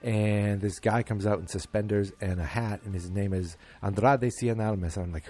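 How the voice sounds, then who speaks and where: A man's voice: on the low side, brisk, hardly any pauses, warm tone. A middle-aged man hosting a podcast, chatting casually and wryly, rambling with many fillers and self-deprecating asides. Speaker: podcast host. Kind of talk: casual wrestling chat.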